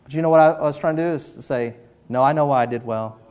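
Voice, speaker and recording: Animated preacher man, higher-pitched voice. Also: fast. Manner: animated storytelling, drops to a hush for emphasis. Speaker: pastor. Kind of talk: sermon.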